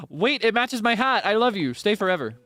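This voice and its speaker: A man streaming a life-sim game, chatting playfully and dramatically, swinging between deadpan asides and giggling. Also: high-pitched, moderate pace. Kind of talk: casual game stream chat. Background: game music.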